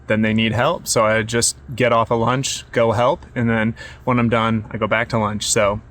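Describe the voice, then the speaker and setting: A tired man filming a casual vlog about his work day, talking in a relaxed, rambling way full of fillers and restarts. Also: on the low side, moderate pace, a little hiss or hum. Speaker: work camper vlogger.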